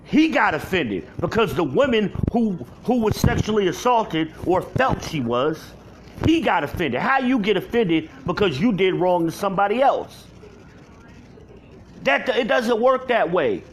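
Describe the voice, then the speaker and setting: A man shouts an angry rant into his camera alone at home, profane and heated. His voice sits fairly high, and a faint hiss runs under the recording. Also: big pitch swings, a little slow. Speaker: vlogger.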